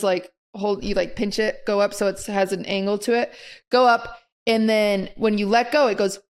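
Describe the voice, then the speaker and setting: A young woman co-hosting a podcast in casual chat, telling stories in an animated way and acting out other people's reactions. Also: medium pitch. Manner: animated storyteller who acts out quoted reactions. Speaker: podcast co-host.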